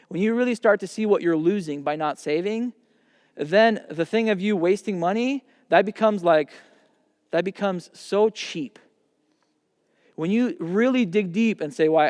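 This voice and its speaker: A man's voice: a little high, smooth, dry recording, studio quality, in a large hall. A man giving a seminar talk to young people at a camp, speaking conversationally and emphatically and acting out imagined dialogue.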